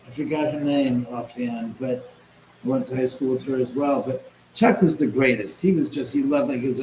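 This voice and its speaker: A man hosting a live stream from his home, chatting and rambling as he answers viewers' comments out loud. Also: mid-range voice, steady tone, normal speed. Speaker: host. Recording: roomy echo, faint background noise.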